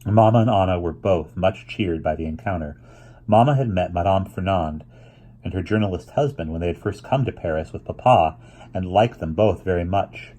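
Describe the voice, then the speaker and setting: Storybook reader, low and husky, calm pace, a few stumbles. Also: male voice. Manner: steady, unhurried reading with small restarts. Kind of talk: reading a children's novel aloud.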